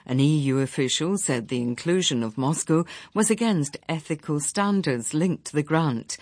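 A female newsreader reading a bulletin in a crisp, formal manner. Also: deep voice, darkish tone, no echo.

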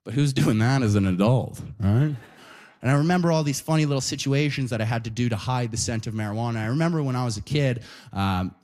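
A man performing stand-up comedy in an animated storytelling manner. He tags nearly every line with "right?" or "you know?" as he talks to the crowd. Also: mid-range voice, quick pace.

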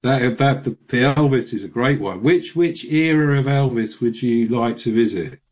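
A man's voice: mid-range voice, moderate pace, darkish tone. Man, radio guest, chatty, lots of restarts, easy laughs. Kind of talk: radio interview.

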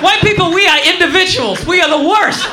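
A man with a very high voice rambles through a stand-up set, excitable and shouting his punchlines. The live club recording is roomy and echoey, with a loud audience and steady noise behind him. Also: brisk, loud music behind the voice, over a noisy crowd. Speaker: stand-up comedian. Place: comedy club stage. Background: audience laughter.

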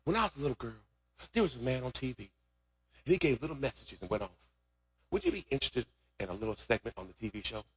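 A man preaching a sermon as pastor, shifting from easy storytelling into loud, shouted preaching. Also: mid-range voice, big pitch swings, fast, pauses often, slightly rough.

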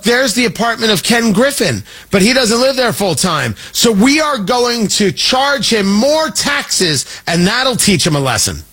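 A man's voice: extremely high pitch, a bit bright, slightly rough. A man hosting a talk radio show, delivering a sarcastic, rambling political commentary monologue.

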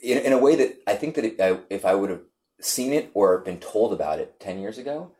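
A man with a somewhat low voice, talking in a loose, chatty way. He gets animated while he tells a story and keeps tripping over his words, restarting phrases and filling gaps with likes and you-knows. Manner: animated, halting with many restarts and fillers. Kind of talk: casual storytelling chat.

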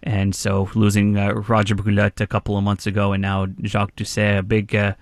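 A man, co-hosting morning radio and reading news, often halting and restarting. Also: on the low side, monotone, dry recording. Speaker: radio show co-host.

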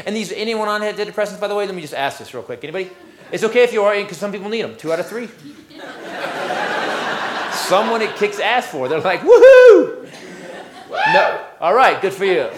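Crude, high-voiced stand-up comic. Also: male voice, fairly quick. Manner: loose, crude, conversational with crowd. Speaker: stand-up comedian. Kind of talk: stand-up comedy set. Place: comedy club stage. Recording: echoey club mic with crowd laughter. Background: audience laughter.

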